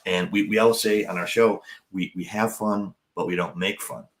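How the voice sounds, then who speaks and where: A man in his fifties with a very deep voice tells a story in a casual chat. He jokes at his own expense and acts out what other people said. He talks like a comedian co-hosting a podcast over a video call. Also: fairly even intonation, normal speed. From United States. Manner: jokey, self-deprecating, acts out other people's lines.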